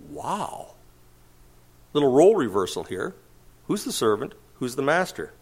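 Male pastor, sermon, rhetorical questions, lively rising and falling pitch, slightly high voice. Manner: animated preaching, rhetorical questions, occasional chuckles.

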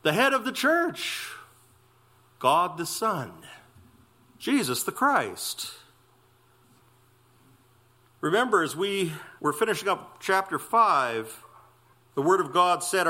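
A man preaching an expository sermon in a church, emphatic and exclamatory, stressing phrases slowly. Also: sits high, sing-song, pushed and bright. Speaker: pastor.

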